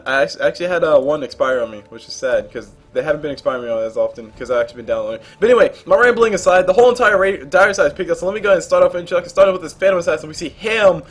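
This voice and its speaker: A young man casually commentating a game replay, rambling into jokey asides along the way. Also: sits high.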